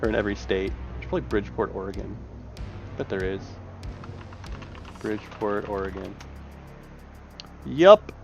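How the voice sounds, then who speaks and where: Gravelly and lowish, this streamer's voice moves at a moderate pace broken by long pauses. He talks through his map-building work casually, filling gaps with ums and curses, over muffled audio and faint music.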